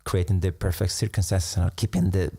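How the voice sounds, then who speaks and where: A meditation teacher with a low, gravelly voice gives a reflective live-stream talk in an unhurried, musing way, laughing softly between thoughts. His intonation is fairly even, and there is no room sound.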